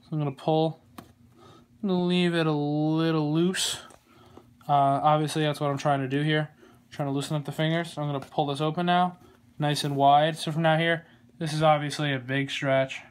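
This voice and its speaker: A man giving a casual how-to tutorial on a glove, relaxed and rambling, with plenty of fillers and small jokes. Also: fairly high pitch, moderate pace, smooth. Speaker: glove maker demonstrating lacing. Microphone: phone camera.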